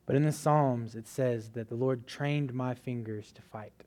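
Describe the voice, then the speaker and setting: A man's voice: medium pitch, steady tone, a little slow, dark tone. A man preaching a sermon in a casual, conversational way, telling a story with many "like" fillers.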